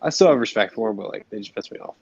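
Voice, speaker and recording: A man's voice: on the low side, animated, racing, breathy edge, no room sound, highs cut off. A man on a sports podcast over a video call, ranting bluntly and swearing casually. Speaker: podcast panelist.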